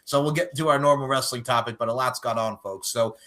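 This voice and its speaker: A man hosting a casual podcast chat, swearing freely and working himself into loud, animated rants. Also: mid-range voice, quick pace. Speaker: podcast host.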